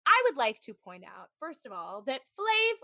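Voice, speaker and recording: A woman's voice: high voice, big pitch swings, moderate pace, pushed and bright, no echo. A woman hosting a casual podcast, recapping a reality show in a chatty way with lots of "like". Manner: chatty, heavy use of "like", mimics people in quotes. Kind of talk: casual chat.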